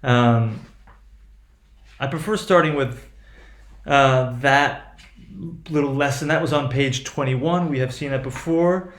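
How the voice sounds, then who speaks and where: A man's voice: mid-range voice, slow, pauses often, roomy sound. A man teaching a lesson on English intonation, hesitant, with many restarts and "right?" checks.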